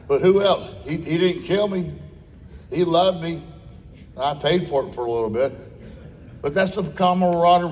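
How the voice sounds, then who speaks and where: A man's voice: mid-range voice, a little mellow, a little hiss or hum. Blunt older man with a twang in a reverberant hall. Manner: blunt, folksy, salty with mild cursing. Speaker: speaker at a veterans' dinner. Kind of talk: off-the-cuff dinner speech. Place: large dinner hall.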